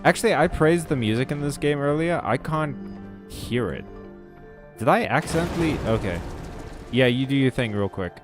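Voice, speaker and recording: A man's voice: mid-range voice, lively intonation, normal speed, over music. Wisecracking man narrating gameplay. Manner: riffing, sarcastic asides. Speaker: let's play host. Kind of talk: joking gameplay commentary.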